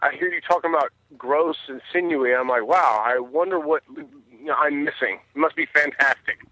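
A man's voice: on the high side, moderate pace, sharp tone, no room sound, poor audio. A man calling in to a radio show from his truck, chatty and polite, with a lot of hesitation. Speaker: caller. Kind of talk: phone call-in chat. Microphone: phone.

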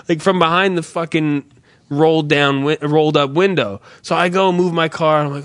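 A man co-hosting a podcast in casual, profane banter, rambling and animated as he tells stories. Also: on the high side, brisk, no room sound. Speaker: podcast co-host.

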